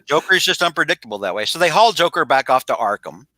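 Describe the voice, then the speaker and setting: A man's voice: fairly high pitch, very animated, fast talker, sharp tone. Rambling man recapping comics. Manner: rambling, many fillers and restarts. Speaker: podcast host. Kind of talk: casual comic-book recap. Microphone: video call.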